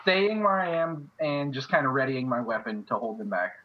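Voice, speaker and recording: A man playing a tabletop role-playing game, calmly stating his moves. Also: medium pitch, moderate pace. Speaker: player. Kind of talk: casual tabletop play. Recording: dull lo-fi mic with faint noise.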